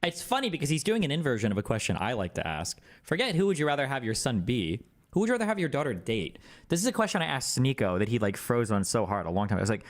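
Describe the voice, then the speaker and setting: Animated, exasperated male streamer. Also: mid-range voice, fast talker. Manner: exasperated, mocking retelling. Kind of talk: casual livestream commentary.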